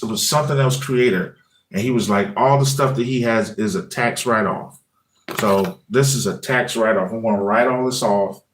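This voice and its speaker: A man hosting a casual morning livestream, talking in a loose, easygoing way and often asking "you know what I mean?". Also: mid-range voice. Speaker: livestream host. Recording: echoey room.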